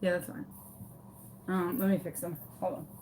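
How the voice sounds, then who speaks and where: A woman, hosting a craft tutorial and telling a story to her viewers in a dramatic, animated, casual way. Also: on the low side, normal speed.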